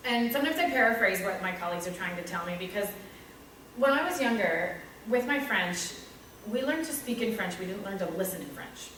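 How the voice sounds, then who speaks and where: A woman's voice: medium pitch, lively intonation, a little fast, a bit bright, a little hiss or hum. Candid Canadian woman in an echoey room. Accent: Canadian English. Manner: candid, self-deprecating, with acted-out asides. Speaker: teacher. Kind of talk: reflective talk on her teaching practice. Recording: echoey room, speaker far from mic, faint ambience.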